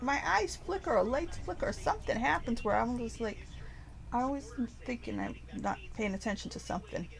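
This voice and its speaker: A woman ranting casually to her viewers, animated and profane, rambling with frequent restarts. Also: fairly high pitch, brisk, gravelly, low-quality recording. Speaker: vlogger. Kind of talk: casual rant to camera.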